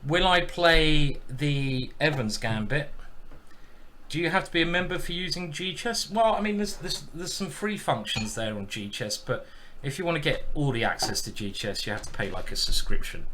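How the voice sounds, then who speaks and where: A man's voice: a little high, pushed and bright, slight background noise. A man giving casual live-stream commentary while playing chess, chatty and thinking aloud.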